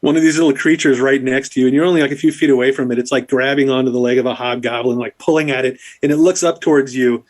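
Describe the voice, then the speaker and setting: Brief: male game master with a mid-pitched voice, relaxed and rambling. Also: fast talker, hardly any pauses. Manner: relaxed, filler-heavy description. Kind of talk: narrating a tabletop game.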